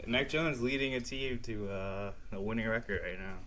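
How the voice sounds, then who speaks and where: Excitable man, casual sports chat. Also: lowish voice, normal speed. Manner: excitable, swears and laughs often. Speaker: podcast co-host.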